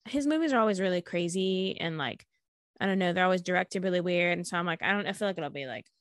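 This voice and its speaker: A woman's voice: fairly low pitch, fast. A young woman guesting on a casual podcast chat, rambling and hedging with frequent laughs.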